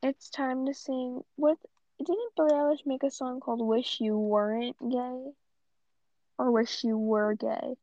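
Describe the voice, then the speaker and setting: A woman's voice: on the high side, a little slow, dark tone, dry recording. A young woman ranting casually on her vlog, blunt and profane with lots of rambling asides. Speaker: vlogger. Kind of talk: casual rant. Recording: dull lo-fi dry audio.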